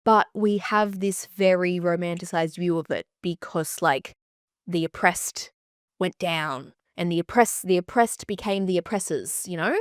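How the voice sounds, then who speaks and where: A woman's voice: fairly low pitch, unhurried, no room sound. Chatty podcast host woman, dry sound. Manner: animated, chatty, swears freely. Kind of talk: casual chat.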